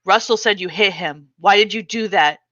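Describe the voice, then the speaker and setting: A stern, menacing father, read by a woman, his words clipped and demanding. The tone is bright and crisp, dry and close, on a slightly muffled recording. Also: mid-range voice, moderate pace, no echo, natural voice.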